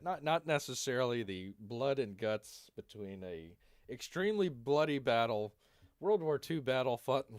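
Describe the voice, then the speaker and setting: A man's voice: medium pitch, no echo, clean studio sound. A man hosting a live stream who rambles through jokey asides and calls himself Bear in the third person. His voice is wearing out.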